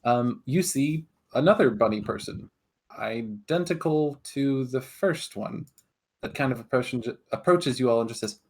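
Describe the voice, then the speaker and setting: Man, game master, rambling narration, halting, tabletop game. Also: medium pitch, darkish tone. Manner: halting, many fillers.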